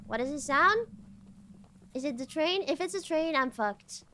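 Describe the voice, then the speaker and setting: A woman VTuber chatting through a game in a high, bright voice. She is playful and excitable, humming and repeating silly words in sing-song. Her pitch leaps around while her pace stays unhurried. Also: a little hiss or hum. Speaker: VTuber streamer. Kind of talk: casual gameplay commentary.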